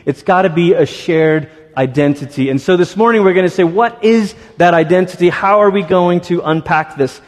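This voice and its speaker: High-pitched guy preaching in a church, chatty and animated, long echo in the hall. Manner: conversational, animated storytelling with quick asides. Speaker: pastor. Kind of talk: sermon. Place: church sanctuary.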